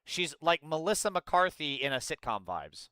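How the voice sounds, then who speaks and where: A man rants through political commentary with heavy sarcasm and plenty of swearing. His voice is high and lively and swoops widely, and it sounds bright and close in a dry room. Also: normal speed, smooth, no echo. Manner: profane, heated, sarcastic.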